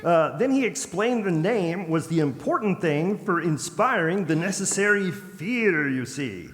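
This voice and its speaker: A man's voice: high-pitched, animated, measured pace. A man playing a laid-back young pirate hero at a live convention script reading, rambling with lots of casual fillers. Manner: casual slacker talk, lots of "like" and "uh". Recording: reverberant convention hall.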